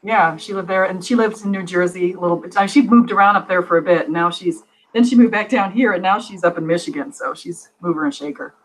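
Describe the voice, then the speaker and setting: A woman's voice: mid-range voice, fast talker, low-quality recording. A woman on a casual chat as a guest, rambling and laughing often. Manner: giggly, rambling.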